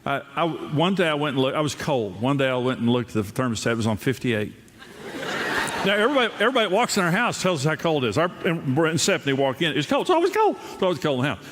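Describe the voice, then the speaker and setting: A man's voice: a little high, expressive, quick pace, a bit bright, a little hiss or hum. A man preaching a humorous sermon to a live crowd, telling self-deprecating stories about his marriage and often restarting and repeating words. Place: large auditorium before a crowd. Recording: reverberant hall with faint ambience.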